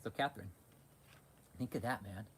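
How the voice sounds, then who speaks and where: A man's voice: fairly low pitch, moderate pace, slight background noise. A man hosting a livestream, talking casually and reading chat, swearing a lot, getting worked up and restarting his sentences often. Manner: profane, excitable, frequent restarts. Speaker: livestream host.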